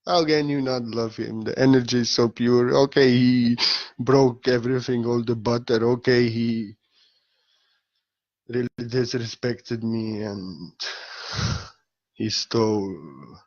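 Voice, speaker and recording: A man's voice: mid-range voice, slow pace, pauses often. Playful man giving a spiritual talk. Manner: playful, laughing, swings between loud bursts and soft murmurs. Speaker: spiritual teacher. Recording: slightly dull lo-fi audio.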